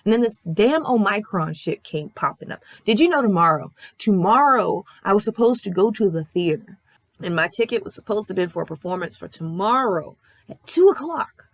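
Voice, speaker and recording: A woman's voice: medium pitch, lively intonation, moderate pace, dry recording. A young woman vlogger giving a candid, rambling life update, swearing freely and acting out other people's lines. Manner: acts out other people's lines in quoted voices. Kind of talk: casual life-update chat.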